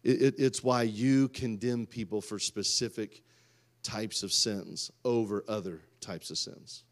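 A man, preaching a sermon and swinging from loud outbursts to quiet asides. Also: on the low side, steady tone, measured pace. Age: 30s. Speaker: pastor.

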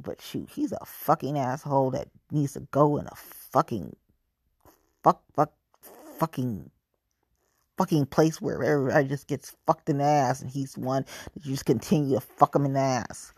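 Profane, ranting woman with a lively voice. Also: low voice, breathy edge, no room sound, clean studio sound. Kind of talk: venting monologue.

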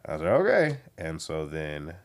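A young man, a comedian on as a guest, speaks in an extremely low voice at a slightly slow pace. Chatting casually, he tells a story and brings its people to life by animatedly imitating their voices.

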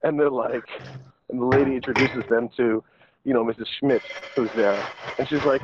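A man's voice: mid-range voice, normal speed. Joking man over a tinny phone line. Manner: animated, joking storyteller. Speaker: friend on a call. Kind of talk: casual chat. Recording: tinny phone line with faint noise and clicks.

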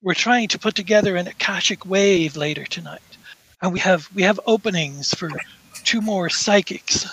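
A man's voice: high-pitched, normal speed, fairly bright tone, a little hiss or hum, low-quality recording. A man voicing a polite, fussy male organizer who stammers out apologies.

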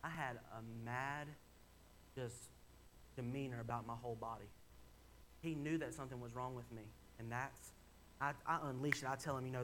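This young man's sermon, given in a church sanctuary, unfolds as a frank personal story told conversationally before rising to forceful points. He speaks briskly at a medium pitch with a fairly bright tone, pausing often, over slight background noise.

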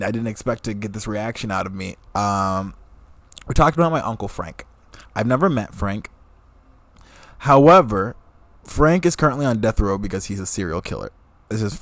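A man's voice: mid-range voice, no echo. A man in his twenties from the American Midwest, hosting a podcast and telling a story in a casual, rambling, emotional way that keeps cutting itself off. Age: 20s. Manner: rambling, emotional, self-interrupting. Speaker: podcast host.

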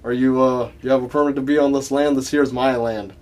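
Guy putting on a loud southern drawl, angry landowner yelling at trespassers. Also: mid-range voice, steady tone, a little fast, natural voice. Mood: territorial. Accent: put-on American Southern. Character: gun-toting rural Southern man guarding his land.

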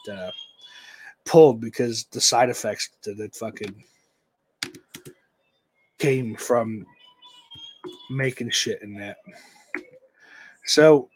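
A man chatting casually on a stream, rambling and swearing, often trailing off into mumbles. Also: mid-range voice. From United States.

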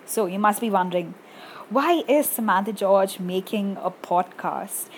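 A young woman with a squeaky voice rambles through a casual solo podcast, joking at her own expense and leaning on fillers. Her pitch sits in the middle, and a faint hiss runs under the recording. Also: unhurried. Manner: self-deprecating, rambling with many fillers. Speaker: podcast host.

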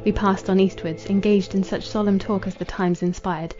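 A woman reading a classic novel aloud in a measured, solemn narration. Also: mid-range voice, fairly even intonation, darkish tone, dull audio, soft background music. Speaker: audiobook narrator.

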